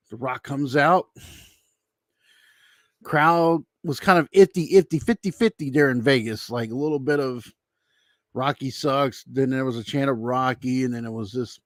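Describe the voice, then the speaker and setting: A man's voice: mid-range voice, no room sound, clean studio sound. A man giving a casual, rambling spoken recap with his opinions, acting out quotes as he tells them. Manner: loose, rambling retelling, acts out quotes. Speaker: YouTube commentator.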